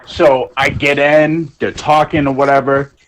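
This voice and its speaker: This podcast co-host speaks unhurriedly in a flat, medium-pitched voice, with slight background noise on a rough recording. He chats casually, wandering through stories, cursing a lot, and performing other people's lines.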